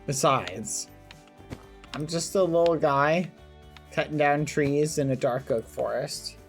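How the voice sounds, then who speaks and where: Young male game streamer, relaxed unhurried delivery, a bit gravelly, playful with chat. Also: fairly high pitch, faint music behind. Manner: playful, chatty, talks to viewers. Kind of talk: casual live-stream chat while playing.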